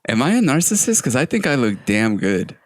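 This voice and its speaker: A man's voice: medium pitch, very animated, fairly quick, dry recording, clean studio sound. A man in his twenties in casual podcast banter, joking, self-mocking and swearing often. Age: 20s.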